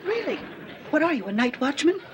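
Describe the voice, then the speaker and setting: An actress playing an anxious, suspicious middle-aged wife in a sitcom, shrill and accusing, swinging to teary. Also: female voice, big pitch swings, a little fast, dull audio, very noisy. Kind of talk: sitcom acting before a studio audience.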